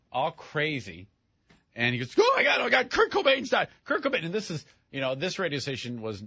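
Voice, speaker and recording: A man's voice: on the low side, no room sound, highs cut off. A man hosting a morning radio show, telling stories in casual banter and mimicking other people as he goes. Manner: animated storyteller, mimics others and himself. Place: radio studio.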